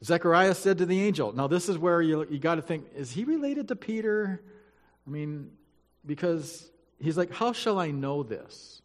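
Bible teacher in a reverberant hall. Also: male voice, a little high, lively intonation, normal speed. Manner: reads scripture aloud, then breaks off to comment with playful asides. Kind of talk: conversational Bible lesson.

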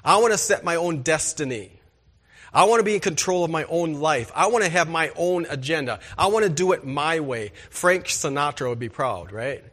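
A man's voice: a little high, expressive, moderate pace, a bit bright. A man preaching a sermon as pastor, emphatic and asking the congregation rhetorical questions.

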